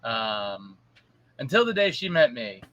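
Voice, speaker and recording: Casting: bright-voiced, blunt man, casual podcast co-host who swears freely. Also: medium pitch, sing-song, measured pace, rough recording. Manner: blunt, swears, acts out his stepdaughter in quotes. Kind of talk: casual chat.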